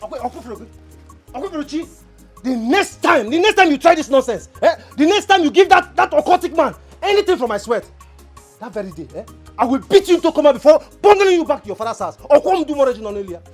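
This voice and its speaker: High-voiced, raging woman, scolding in a film. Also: very animated, racing, husky, soft background music, heavily acted. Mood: furious. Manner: shouting, scolding, threatening. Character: furious woman scolding her man. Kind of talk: film drama acting.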